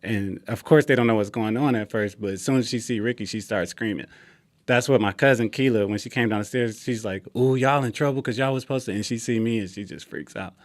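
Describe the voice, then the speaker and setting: Low-voiced man telling his story. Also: brisk, no echo, studio quality. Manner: relaxed, acts out quoted dialogue. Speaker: interview guest. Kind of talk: casual personal storytelling.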